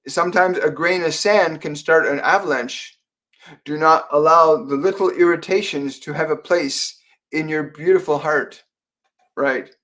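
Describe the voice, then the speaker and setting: A man from Canada hosting a live psychic Q&A stream, speaking gently with frequent fillers and repeated phrases as he relays messages. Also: a little high, measured pace. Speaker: psychic medium host.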